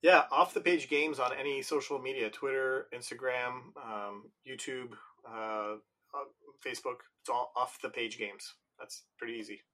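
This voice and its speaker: A man talking as a game designer guest in a casual podcast interview, relaxed, with fillers and false starts. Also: mid-range voice, normal speed.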